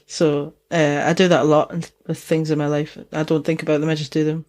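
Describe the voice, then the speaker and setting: A woman's voice: sits low, flat delivery, brisk, darkish tone. A Scottish woman from Dundee, with a Dundonian accent touched by Geordie, co-hosting a podcast in casual, sweary, rambling chat and laughing often. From Scotland. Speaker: podcast co-host.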